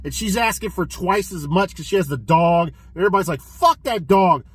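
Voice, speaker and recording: A man casually reviewing a film he watched, retelling the plot in an excitable, profane way with many restarts. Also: sits high, quick pace, breathy edge, no room sound, rough recording. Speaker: physical media collector reviewing films.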